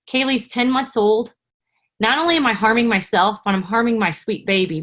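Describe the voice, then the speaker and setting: A woman's voice: medium pitch, a bit bright. A woman in her forties telling her personal story on a video call, in an earnest, conversational way. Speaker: guest speaker.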